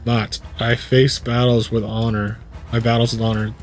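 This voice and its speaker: A man's voice: medium pitch, little pitch movement, normal speed, close to an everyday voice. A man reading as a grave vengeful martial-arts rival. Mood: solemn vengeful.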